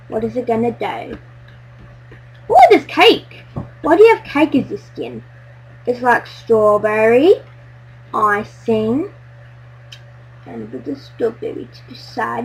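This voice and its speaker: A woman chatting excitedly while playing a building game with friends, silly and bubbly, breaking into squeals. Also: fairly high pitch, slightly rough. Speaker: gamer playing on a friend's server. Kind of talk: excited let's-play chatter.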